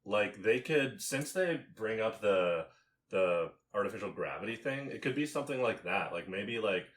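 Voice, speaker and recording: A Canadian man with a lowish, animated voice co-hosts a casual movie podcast, talking at normal speed. His review chat rambles, packed with fillers and swearing.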